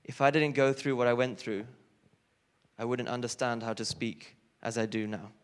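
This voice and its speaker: A man's voice: mid-range voice, fairly even intonation, moderate pace, clear, resonant tone. Young male speaker, earnest church testimony, mid-range voice. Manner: earnest, rises with emotion on key points. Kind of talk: personal testimony sermon.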